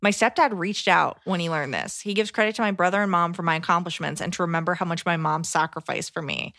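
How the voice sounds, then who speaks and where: A woman's voice: fairly low pitch, fast talker, bright, forceful tone, no room sound. Female co-host, casual talk, reads listener mail, dry close sound. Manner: reads letters aloud, then reacts in a conversational way. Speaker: podcast co-host reading a listener letter. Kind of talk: casual chat.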